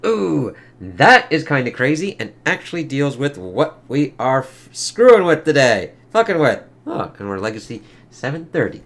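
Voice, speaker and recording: Excitable, foul-mouthed man reviewing comics. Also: medium pitch, moderate pace, hardly any pauses. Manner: excitable, profane, drawling asides. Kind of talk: casual review monologue.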